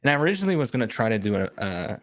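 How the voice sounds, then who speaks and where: A man's voice: mid-range voice, big pitch swings, rapid-fire, no room sound, clean studio sound. A man in a casual podcast chat, rambling and thinking aloud with lots of fillers. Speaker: podcast cast member.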